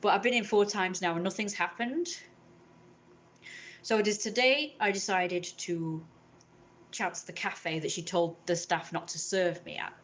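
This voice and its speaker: A woman's voice: mid-range voice, unhurried, fairly bright tone. Rambling woman telling a grievance. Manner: rambling, indignant, acts out others in raised voices. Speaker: vlogger. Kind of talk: casual storytelling to camera.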